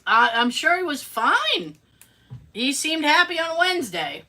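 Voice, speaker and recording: On a podcast she co-hosts, a woman animatedly tells a story, sarcastic throughout, acting out quotes and adding sarcastic asides in casual conversation. Her high-pitched voice keeps a measured pace.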